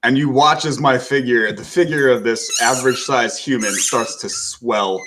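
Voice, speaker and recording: A man of ordinary pitch describes his character's actions at the game table. He builds the picture step by step in a deliberate way, and a faint noise runs underneath. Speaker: player.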